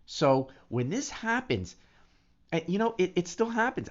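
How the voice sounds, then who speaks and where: A man talking casually in a vlog, excitable and animated, often restarting his sentences. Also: fairly high pitch, normal speed. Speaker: affiliate marketer. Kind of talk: casual vlog talk to camera. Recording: dull lo-fi recording.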